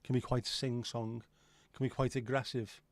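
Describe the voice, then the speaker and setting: This man hosts a livestream, reading viewer comments in casual chat while he rambles, cracks jokes, and swears now and then. He speaks at a moderate pace in a mid-range, level voice, with no room sound.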